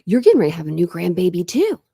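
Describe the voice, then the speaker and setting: A woman's voice: fairly low pitch, huge pitch swings, very fast, vocal fry, warm tone, breathy edge, no echo, clean studio sound. A woman in her thirties hosting a casual true crime livestream, chatting and greeting viewers by name.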